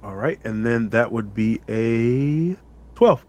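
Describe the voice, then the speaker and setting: A man's voice: mid-range voice, animated, slow, darkish tone, slight background noise. Hesitant male tabletop player. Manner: hesitant, asks rule questions. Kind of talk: casual chat.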